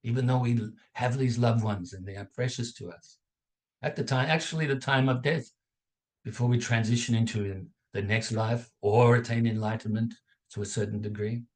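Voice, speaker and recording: A man leading a guided contemplation lesson as a dharma teacher over a video call, calm and measured, pausing between phrases and checking in with "okay?". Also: medium pitch. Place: home setup on a video call. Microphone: video call mic.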